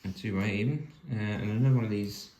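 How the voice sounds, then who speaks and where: Building a toy set on camera, a vlog host talks through each step quickly, thinking out loud and dropping dry jokes. His fairly low voice echoes in a room with faint background noise.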